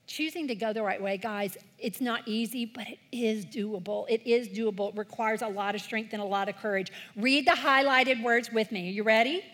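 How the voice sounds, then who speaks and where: With a fairly bright voice on the high side, this woman talks at normal speed with few pauses. She's a children's ministry leader addressing kids and parents at church, and she earnestly encourages everyone to join her in call-and-response scripture reading.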